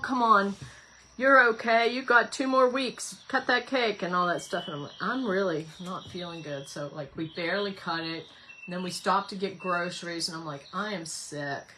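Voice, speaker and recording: A woman with a fairly low, sharp-toned voice hosts a home craft livestream, chatting casually while crafting. She giggles, rambles and reads viewer comments, with slight background noise.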